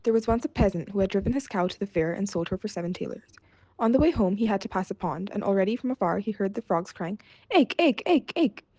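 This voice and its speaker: A woman storyteller reading a fairy tale aloud in a steady, measured way. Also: mid-range voice, dry recording.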